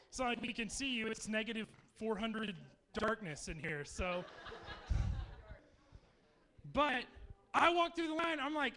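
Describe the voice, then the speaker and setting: A man in his thirties from Texas talks to a camp crowd with a high, bright voice. He jokes and tells stories in a loose, chatty way on a stage mic. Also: expressive, normal speed. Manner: joking, chatty storyteller. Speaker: youth camp speaker. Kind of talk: humorous youth talk to campers. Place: dark meeting hall at a camp.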